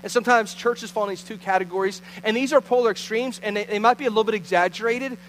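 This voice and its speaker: A man's voice: high voice, fast, fairly bright tone, slight background noise, low-quality recording. A man pastor giving a conversational sermon, telling a story with frequent restarts.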